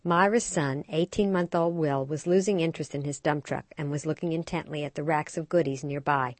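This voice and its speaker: A woman co-hosting a parenting show, reading a scripted story with expressive storytelling. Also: low voice, fairly quick, no echo. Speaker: radio show co-host. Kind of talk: scripted narration.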